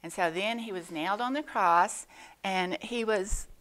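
A woman gives a children's Bible lesson at church, explaining gently with frequent pauses and fillers. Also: medium pitch. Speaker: Sunday school teacher.

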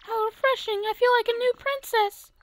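A woman putting on a sweet, gentle young princess voice for a game, sounding airy and wondering. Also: extremely high pitch, fairly even intonation, moderate pace, soft background music, pitched above the performer's own voice.

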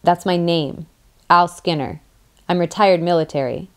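A woman voicing a gruff, blunt retired military man, an older man who speaks in short, terse phrases. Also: on the low side, measured pace. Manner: terse, mumbling.

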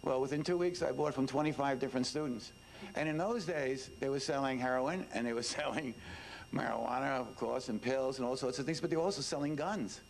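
Older New man, gravelly and conversational. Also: mid-range voice, a little fast, rough recording. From New York. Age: 70s. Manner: conversational, frequent "you know", emphatic repetition. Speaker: speaker and former detective. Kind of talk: informal speech to students.

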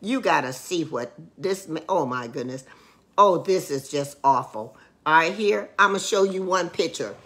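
A woman's voice: deep voice, expressive, moderate pace, fairly bright tone. A middle-aged woman co-pastor teaching a livestreamed Bible lesson, preaching emphatically and rising to exclamations. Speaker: co-pastor teaching Sunday school.

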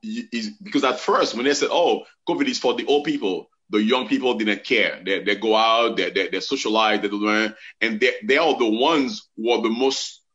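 Halting middle-aged man, dull lo-fi sound. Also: fairly low pitch, a bit bright. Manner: halting, many ums and restarts. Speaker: physician guest. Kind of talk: explaining on a talk show.

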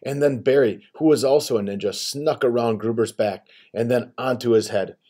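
A man voicing a sharp, clever little girl who insists on telling her own story. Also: medium pitch, normal speed, natural voice. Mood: eager.

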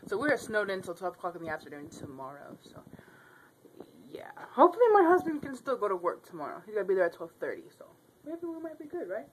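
Filming herself casually on a handheld camera inside her house, a young woman vlogs in a chatty, giggly, rambling way. Her voice sits fairly low, and there's a little background noise.

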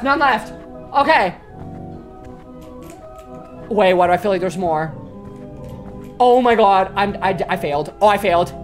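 High, shrieking woman streamer. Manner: panicky, swearing, shrieking repeated exclamations. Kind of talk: live horror game commentary. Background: game music.

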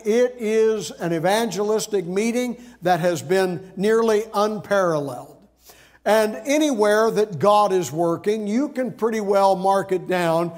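A man's voice: high-pitched, a little mellow. A male pastor preaching an earnest sermon, explaining scripture step by step.

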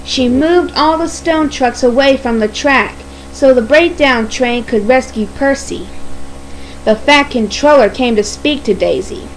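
Female storybook narrator, high and unhurried, expressive read-aloud. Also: slight background noise, low-quality recording. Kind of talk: storybook reading.

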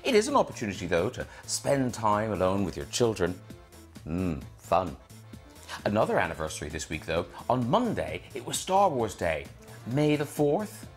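A male talk show host with an Irish accent speaks on the low side, very animated, at a moderate pace, with faint music in the background. Over a video call from home, he reads a scripted teasing monologue and interviews a guest in a wry, giggly manner.

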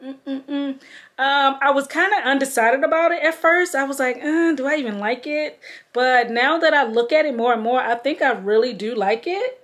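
A woman's voice: high voice, moderate pace, a bit bright. A woman vlogger, chatting casually and cheerfully to viewers from a room at home, laughing often. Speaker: lifestyle vlogger. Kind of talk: casual home vlog chat.

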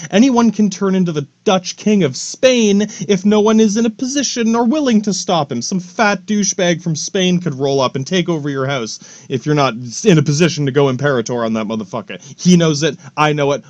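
A man's voice: fairly high pitch, no room sound. A man hosting a solo podcast, rambling through a profane, joking monologue full of asides. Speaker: podcast host. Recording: dry, dull lo-fi recording.

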